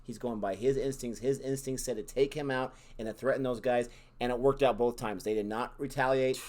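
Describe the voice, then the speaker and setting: A man co-hosting a casual review chat, recapping scenes in a measured way and acting out quotes. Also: medium pitch, steady tone, darkish tone. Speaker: co-host reviewing a series.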